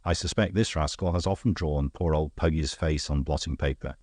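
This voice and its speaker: A man reads aloud as a deep-voiced, worldly gentleman detective, explaining himself in a calm, dry, knowing, wry way at a fairly quick pace. The audiobook recording is close and dead, with no echo or room around it.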